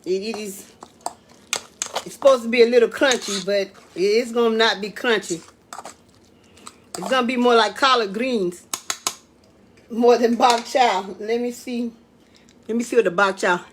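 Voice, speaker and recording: A woman, chatting excitedly to viewers while cooking in her home kitchen. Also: fairly high pitch, measured pace, pauses often, a little hiss or hum. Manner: excitable, exclaims with food, talks to viewers as y'all and baby. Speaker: home cook hosting a live cooking stream. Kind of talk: casual live cooking chat.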